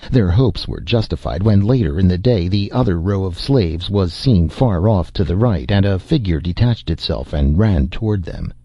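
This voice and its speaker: A man narrating an audiobook with a measured storytelling delivery. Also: low voice, animated, slightly rough, no echo, highs cut off. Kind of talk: scripted narration.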